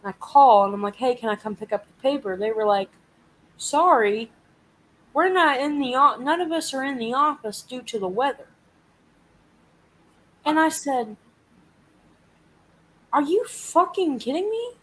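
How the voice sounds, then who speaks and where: A woman's voice: high-pitched, lively intonation, normal speed, long pauses, fairly bright tone, a little hiss or hum, rough recording. A woman hosting a casual live chat, venting and swearing as she animatedly retells a frustrating week. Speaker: live stream host.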